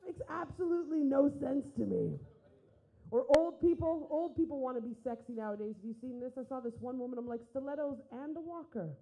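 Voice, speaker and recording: A woman's voice: high voice, a little fast, warm tone, low-quality recording. A young woman doing a stand-up comedy set, brash and profane, acting out the voices of people in her stories.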